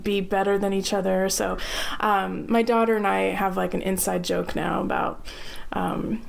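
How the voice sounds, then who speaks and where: A woman's voice: mid-range voice, level tone, moderate pace, gravelly. A woman from the United States, hosting a podcast in a bubbly, gushing way and laughing easily. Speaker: podcast host. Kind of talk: casual interview chat.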